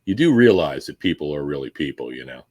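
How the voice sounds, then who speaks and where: Very deep-voiced reflective ex-Marine man. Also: big pitch swings, fast talker, a little mellow. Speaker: podcast host, former Marine. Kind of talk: casual reminiscing chat.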